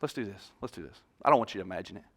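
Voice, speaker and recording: A man preaching a sermon as pastor. He tells the story in an animated way and jokes with the congregation on a church stage. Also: on the low side, racing.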